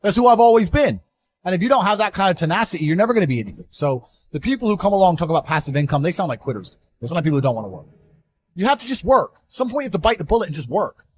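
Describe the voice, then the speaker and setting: A man giving an interview, talking in a blunt, forceful, emphatic way. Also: high-pitched, sing-song, very fast. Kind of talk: motivational interview talk.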